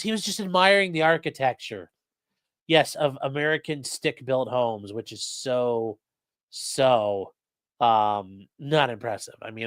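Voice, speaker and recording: A man with a slightly higher, bright, forceful voice banters through his sponsor reads with a deadpan, sarcastic streak. His close mic gives a dry, dead-sounding recording with no room around him. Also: no room sound. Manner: sarcastic, rambling, deadpan jokes addressed to chat. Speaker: podcast co-host reading sponsor spots. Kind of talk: casual livestream chat, joking ad reads.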